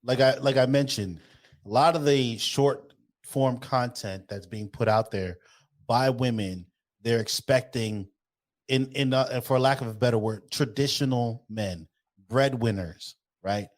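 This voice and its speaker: A man's voice: medium pitch, measured pace. A man co-hosting a podcast in casual chat, talking bluntly and animatedly with lots of swearing. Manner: blunt, profane, opinionated, animated. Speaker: podcast co-host.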